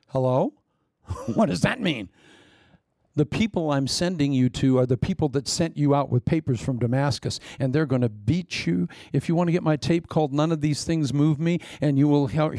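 Gravelly preacher with blunt outbursts. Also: male voice, on the high side, no echo, clean studio sound. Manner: blunt, teasing, with sudden loud bursts and hushed asides. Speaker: pastor. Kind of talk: sermon.

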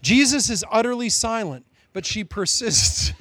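Guy preaching a sermon, pretty high voice, dry close sound, jokes around and tells stories. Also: unhurried, no echo. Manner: animated storytelling with joking asides; addresses listeners as "loved one".

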